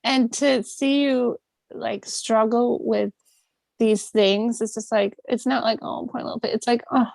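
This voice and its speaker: A woman's voice: on the high side, slow, gravelly, dry recording. A woman co-hosting a casual podcast chat, telling stories animatedly and acting out the people she quotes. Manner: lively storyteller, acts out quoted voices. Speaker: podcast co-host.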